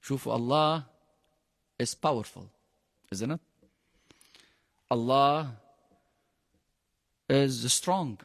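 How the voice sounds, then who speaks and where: A man with an Arabic accent teaching a class on the Quran in English, animated, often firing questions at his students. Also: takes it slowly, gravelly, pauses often, no echo, big-room sound. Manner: animated, questioning the class, pitch jumping high for emphasis. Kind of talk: interactive religious lesson.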